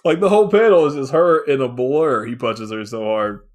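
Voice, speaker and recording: A podcast co-host with a medium-pitched voice talks fairly quickly, casually discussing a comic book. He swears, laughs a lot, and performs the characters' lines.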